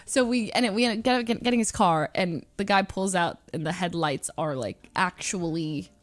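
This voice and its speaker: A young woman streamer telling a story to her chat in a lively, giggly way. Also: lowish voice, normal speed, no echo. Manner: animated, giggly, acts out others' lines.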